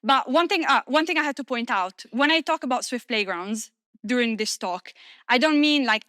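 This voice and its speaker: Italian-native woman doing a conf talk, bright voice, dry close mic, chatty and jokey. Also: on the high side, clear, resonant tone, no echo. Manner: lively and self-deprecating, many fillers. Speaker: conference speaker. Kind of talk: conference talk.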